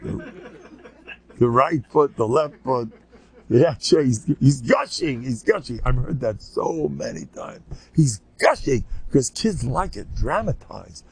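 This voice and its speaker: An older man, a rabbi, giving a rambling informal lecture full of anecdotes and Yiddish words, sometimes squeaking out children's voices. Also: animated, measured pace, vocal fry, slightly rough. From United States.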